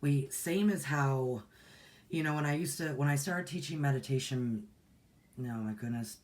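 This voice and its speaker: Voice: mid-range voice, moderate pace. A host in their forties chats on a livestream about meditation and spiritual practice. The delivery is folksy and rambling, full of restarts and asides to viewers. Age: 40s. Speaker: meditation teacher and channel host. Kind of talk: casual livestream talk.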